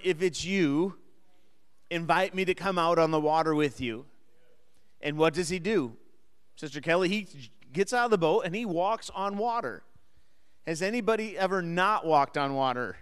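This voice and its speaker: A man with a smooth, resonant, somewhat high voice leads a Bible class in a church hall. He teaches in a relaxed, conversational way and keeps asking the room questions. His voice carries a long reverb from the hall. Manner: engages the class with questions and light humor. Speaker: Sunday school teacher.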